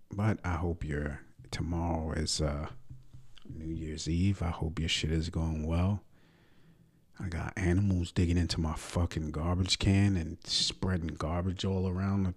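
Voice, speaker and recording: A man's voice: low-pitched, fairly even intonation, a little slow, husky. A man hosting a podcast, ranting casually and profanely about sports and often dropping into muttered asides. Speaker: podcast host and comedian. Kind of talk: casual solo sports rant.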